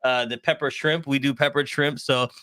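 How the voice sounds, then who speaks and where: A man's voice: mid-range voice, fairly even intonation, moderate pace, bright, forceful tone. A man hosting a casual interview over a video call, playful and fond of repeating a joke for effect. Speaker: show host.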